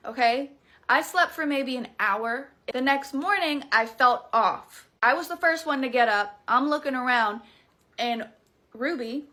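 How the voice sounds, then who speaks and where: A Southern woman in her thirties tells a scary story straight to the camera in a loose, chatty way. Her voice sits a little high with a bright, forceful edge, and she swears freely and throws in dramatic asides as she goes. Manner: animated, profane, dramatic asides. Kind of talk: casual storytime.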